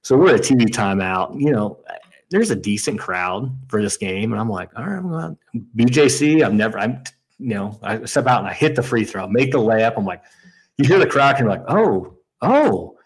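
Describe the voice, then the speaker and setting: A man's voice: lowish voice, lively intonation, fairly quick, breathy edge, rough recording. A man in his thirties from Indiana, co-hosting a casual chat and telling a story with lots of restarts and quoted asides. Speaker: podcast co-host.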